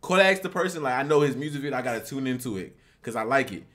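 Loud lively young man reacting. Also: medium pitch, quick pace. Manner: loud, excitable slangy talk. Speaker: reaction video host. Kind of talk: casual reaction commentary.

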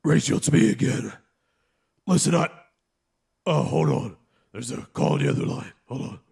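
A man voicing a jealous, hotheaded male caped crusader who leaves ranting, swearing voicemails in a very gravelly growl. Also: on the high side, expressive, normal speed, a little mellow. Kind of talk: comedy voicemail sketch.

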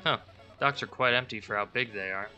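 A man's voice: fairly low pitch, fairly quick, bright, forceful tone, muffled recording, faint music behind. A man hosting a let's play, casually reacting and reading game text aloud. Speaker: gaming channel host.

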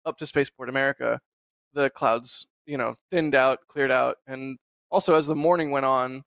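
A man's voice: mid-range voice, moderate pace, gravelly, dry recording. A man hosts a casual live stream, rambling easily and laughing as he goes. His voice sits in a middle range, and the sound is dry and close, as over a video call. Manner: relaxed, rambling, laughs often. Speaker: host.

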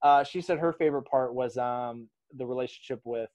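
A man hosting a casual movie discussion, animated, laughing often and trailing off into restarts. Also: mid-range voice, moderate pace, highs cut off. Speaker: podcast host.

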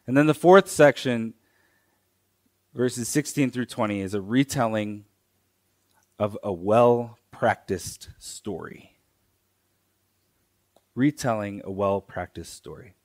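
A man preaching a sermon in a church, teaching slowly and deliberately, pausing and repeating key phrases. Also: fairly low pitch. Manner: slow, deliberate teaching with pauses and repetitions.

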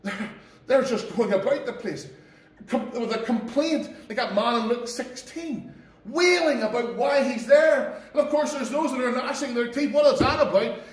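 A Northern Irish pastor preaches in a high-pitched, earnest and folksy way, talking straight to his congregation. His voice rings around an echoey church and is picked up from a distance off the mic. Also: normal speed. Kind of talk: sermon.

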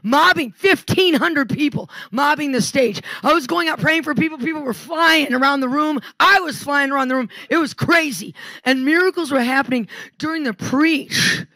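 A woman preaching a sermon, telling testimonies in an animated storytelling way. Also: high voice, moderate pace, dry recording. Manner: animated storytelling, quoting others.

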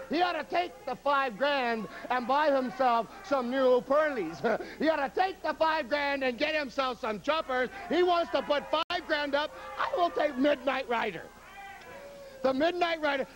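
A brash man delivers a wrestling promo. His voice sits very high as he boasts and taunts in loose slang, laughing between lines. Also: a bit bright, rough recording.

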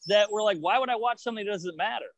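A fairly high-pitched man talks over a video call, the sound dry and close. He riffs in a rapid, profane way, dropping into mocking quoted voices as he goes. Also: no echo. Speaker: guest comedian. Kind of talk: casual podcast chat.

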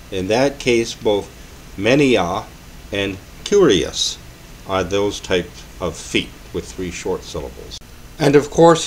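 A man giving a measured, explanatory spoken lecture on poetry and music. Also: on the low side, a little hiss or hum. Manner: measured, explanatory, slows to scan quoted verse.

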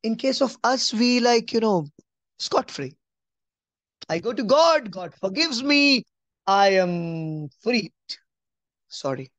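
A man giving a conversational Bible teaching, emphatic, repeating key phrases and dropping to a soft, low voice. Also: big pitch swings, slow, pauses often, dry recording. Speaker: preacher.

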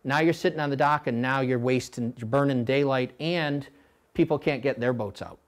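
At a coxswain clinic, a middle-aged rowing coach talks bluntly and with lots of animation at a moderate pace. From time to time he puts on a high voice to mimic rowers.

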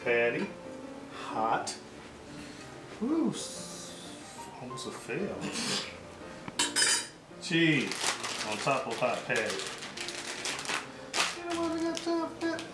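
A man's voice: on the high side, huge pitch swings, slow, pauses often, roomy sound, loud music behind the voice, poor audio. A man hosting a casual home cooking show, joking and hyping each step straight to his viewers.

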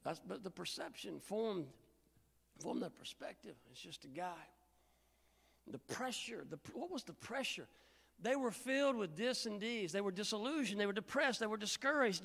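A man's voice: high voice, moderate pace, vocal fry, in a large hall. A middle-aged male pastor from Indiana preaching a sermon and telling stories, acting out the voices of the people in them. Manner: animated storytelling, acting out voices. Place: church sanctuary.

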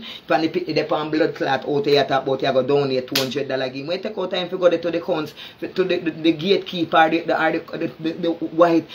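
A man's voice: a little high, slight background noise. A man with a Jamaican accent in an angry, confrontational social media rant, cursing constantly and tripping over repeated words. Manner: cursing heavily, stammering repeats; heated, confrontational.

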